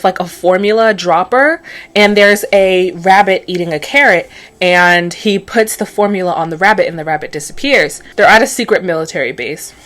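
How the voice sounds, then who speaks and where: A woman's voice: medium pitch, a bit bright. Young female vlogger, casual and snarky, heavy on "like," recaps a cartoon while doing her face. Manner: chatty and sarcastic, lots of "like" fillers. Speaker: beauty vlogger.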